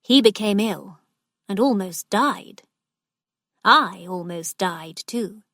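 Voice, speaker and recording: A woman doing a calm frank young major, slow steady reading, dry sound. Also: mid-range voice, no echo.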